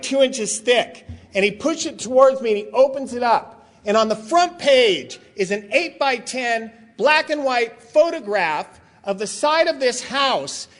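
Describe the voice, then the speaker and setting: A man's voice: extremely high pitch, a bit bright. A middle-aged man giving a comic storytelling talk as a recovery meeting speaker, joking, laughing often and acting out his own lines. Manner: laughs often while telling stories.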